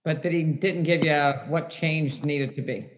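A doctor hosting the conversation and asking brisk, prompting questions. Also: mid-range voice, fairly even intonation, in a large hall. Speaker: doctor host. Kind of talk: interview questions.

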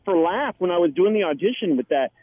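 A man's voice: sits high, expressive, fast talker, soft background music. A man, an actor guest, talking casually and telling a chatty story with many restarts. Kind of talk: casual interview anecdote. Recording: tinny phone line, dry.

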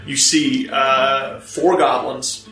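A man narrating a tabletop role-playing game as game master, in a relaxed, halting storytelling way. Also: medium pitch. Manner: relaxed storyteller, many fillers and restarts. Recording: echoey room with music underneath.

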